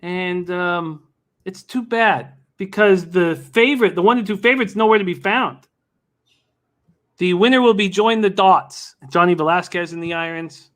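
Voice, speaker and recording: A man's voice: sits high, normal speed, a bit bright. A man hosting a sports betting show, brash and joking in casual chat, swearing freely.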